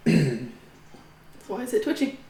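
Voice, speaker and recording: A woman's voice: fairly low pitch, slow, gravelly. Giggly woman gamer, echoey room. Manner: playful, giggly, excitable. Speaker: player. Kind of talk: tabletop game play. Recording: roomy with faint music.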